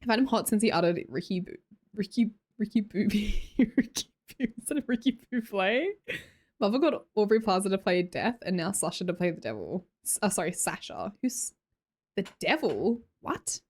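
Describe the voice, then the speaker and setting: A young woman with an Australian accent chats her way through a livestream, reading out viewer messages and breaking into laughter often. Her pitch sits in the middle range. She talks casually and keeps up an easy running commentary. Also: big pitch swings, a little fast. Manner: chatty, laughs often, reads chat comments aloud. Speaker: livestream host.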